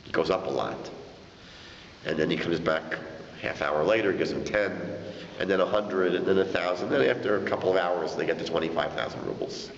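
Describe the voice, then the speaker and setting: Rabbi telling a story in an echoey hall. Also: male voice, sits low, fairly quick, creaky. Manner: animated storyteller, acts out quotes. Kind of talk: storytelling lecture. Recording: dull echoey hall, faint noise.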